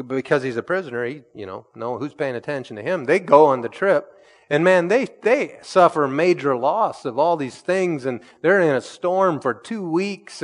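A man preaching a sermon in an animated way, acting out the quoted voices with sudden loud, high jumps. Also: big-room sound. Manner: animated, acts out quoted voices with big jumps in pitch and volume.

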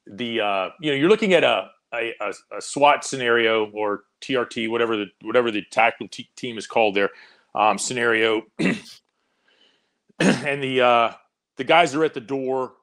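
A man's voice: mid-range voice, fairly bright tone. A man on a panel, telling a story with amusement, stumbling over his words. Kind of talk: casual panel chat.

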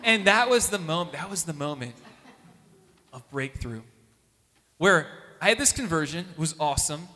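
A man, a youth minister, giving an animated testimony talk and acting out the voices of the people in his story. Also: a little high, moderate pace, long pauses, in a large hall.

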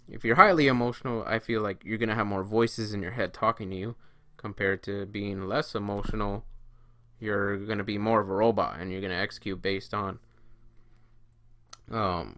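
A man's voice: fairly low pitch, moderate pace, pushed and bright, no echo. A man talking casually as a trading coach, often acting out inner voices and quoted friends. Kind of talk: casual solo talk to camera.

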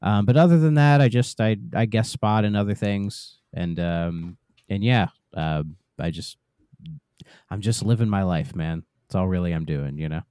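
A man introducing himself as a podcast guest, easygoing and relaxed with frequent restarts. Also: on the low side, normal speed, smooth, no room sound, clean studio sound. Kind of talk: casual podcast chat.

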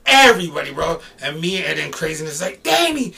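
A middle-aged man casually telling a story on a podcast, animated and swearing, shouting out the quoted lines. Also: a little high, fast, gravelly, far from the mic. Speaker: podcast guest.

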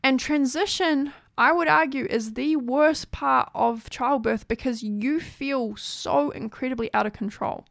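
A woman's voice: high voice, unhurried, creaky, few pauses, a bit bright, no echo, clean studio sound. A woman host telling a personal story in an earnest, chatty way, often saying "like".

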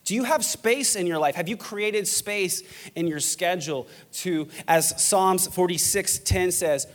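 A young male pastor delivers a lively sermon in a church, his voice sitting a little higher than most men's. He jokes with the congregation and swings between energetic, loud stretches and soft, hushed ones. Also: a little slow. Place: church auditorium.

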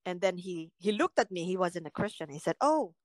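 Low-voiced Filipino woman, earnest and hushed. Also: fairly even intonation, a little fast, dry recording, low-quality recording. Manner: earnest, emotional, often dropping to a hushed, low voice. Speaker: guest sharing a personal story. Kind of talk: personal testimony in conversation.

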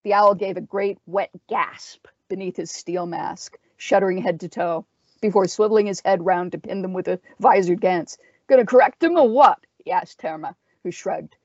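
A woman reading a dark fantasy story aloud, in a measured, expressive narration. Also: on the low side, no room sound. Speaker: story reader. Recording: dull dry lo-fi sound.

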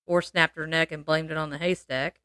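A woman's voice: low voice, level tone, fairly quick, pushed and bright, no echo, studio quality. A woman hosting a podcast, telling a true-crime story in casual chat, laughing often and adding playful asides.

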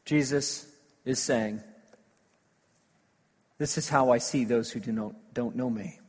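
A man preaching a sermon, telling stories with lively emphasis that swings between loud declarations and hushed asides. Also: medium pitch, slow pace, breathy edge. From United States. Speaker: pastor. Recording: long hall reverb.

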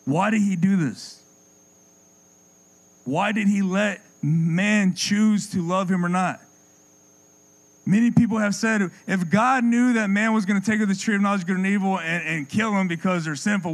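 Male preacher, slightly high pitch, passionate sermon delivery, faint crickets and hum in the background. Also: moderate pace, low-quality recording. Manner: impassioned, dropping low and soft for effect; repeats words when building a point.

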